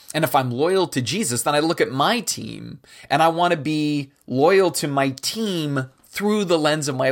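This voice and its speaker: Earnest man preaching on a podcast. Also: on the high side. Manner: earnest, emphatic, repetitive phrasing. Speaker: podcast host. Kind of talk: reflective faith monologue.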